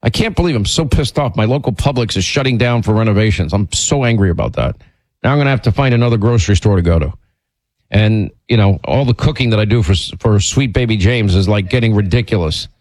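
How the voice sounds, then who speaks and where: A man hosting a radio talk show, rambling and teasing in casual on-air banter, his voice jumping high when he gets exasperated. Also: lively intonation, fast, darkish tone, dry recording.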